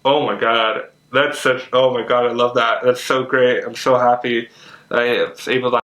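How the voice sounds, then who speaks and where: A young man chatting casually while unboxing comics, excitable and full of fillers and gushing. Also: mid-range voice, moderate pace. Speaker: comic collector vlogger. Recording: echoey room.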